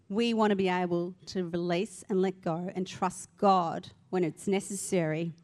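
A middle-aged woman pastor, preaching a sermon in a conversational way and leading the audience in simple actions. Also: medium pitch.

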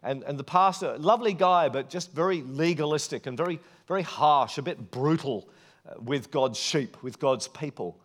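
A man's voice: on the high side, moderate pace. A man preaching a sermon, telling a personal story in an earnest, conversational way.

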